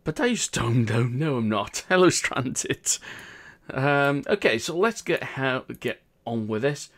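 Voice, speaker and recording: A chatty man with a Welsh accent hosts a game live stream. He talks in a casual, upbeat way and laughs a lot. His voice sits at an everyday middle pitch. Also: animated, unhurried.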